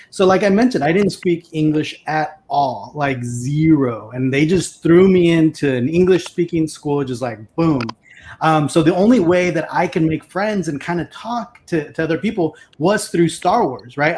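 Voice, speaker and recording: A man from Mexico, a native Spanish speaker, telling his story in a relaxed, casual way and often checking in with "right?". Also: fairly high pitch, a little hiss or hum. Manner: relaxed, tags sentences with "right?". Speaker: guest panelist.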